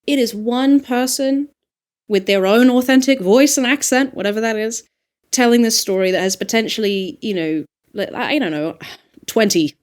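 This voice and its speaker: An Australian woman who narrates audiobooks chats on a podcast, animated and reflective. Her voice sits a little high, and she often laughs between points. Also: moderate pace. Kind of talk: casual podcast discussion.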